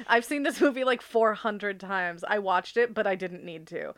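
A woman's voice: mid-range voice, moderate pace, dry recording. A young woman co-hosting a podcast, talking in an emotional, giggly way with lots of fillers about a movie. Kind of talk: casual movie discussion.

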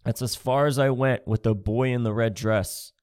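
A man's voice: medium pitch, steady tone, normal speed, darkish tone, no echo, clean studio sound. Profane sarcastic man ranting comedically. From Canada. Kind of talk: comedic rant.

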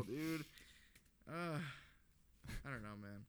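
Lively young man swearing in casual chat. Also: medium pitch, a little fast. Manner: swearing, laughing, rambling. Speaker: podcast co-host.

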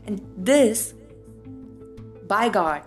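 Animated Indian woman telling a story. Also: medium pitch, drawn-out words, soft background music. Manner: animated, acts out both sides of quoted dialogue, frequent swearing. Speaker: podcast host. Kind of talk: casual solo storytelling.

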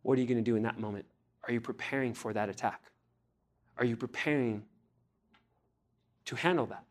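A young man delivering a sermon in an earnest preaching voice, pitched in a middle register. He reads scripture aloud and puts pointed questions to his congregation, lifting his voice on the phrases he stresses. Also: a little fast. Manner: earnest preaching, rising with emphasis on key phrases. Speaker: pastor.

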